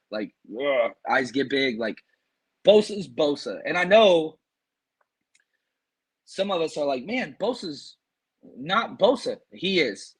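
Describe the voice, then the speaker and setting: A man hosting a sports podcast, excitedly talking through matchups and reading fan comments, his voice strained from screaming. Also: medium pitch, slightly rough. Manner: hyped, animated, reads fan super chats. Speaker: podcast host.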